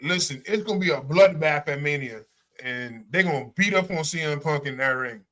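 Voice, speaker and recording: Brash high-voiced male podcast host. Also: normal speed, a bit bright. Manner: brash, trash-talking. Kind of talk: casual wrestling talk.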